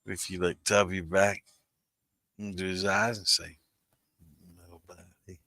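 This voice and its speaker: A man's voice: low-pitched, little pitch movement, a little slow, bright, forceful tone, no room sound. A man, hosting a livestream in rambling, profane casual chat and calling out viewers by name. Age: 60s. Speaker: host of a moonshine livestream.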